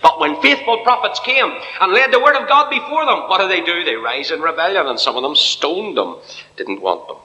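Impassioned preacher in a reverberant hall. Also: male voice, mid-range voice, slight background noise. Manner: impassioned, swinging from hushed to soaring. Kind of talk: evangelical sermon. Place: church.

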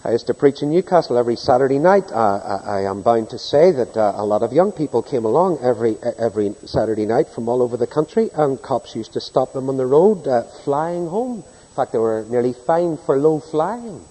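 A man preaching a sermon, telling anecdotes and acting out the people in them, swinging from hushed to loud. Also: medium pitch, animated, fairly quick, few pauses. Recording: echoey hall with long reverb.

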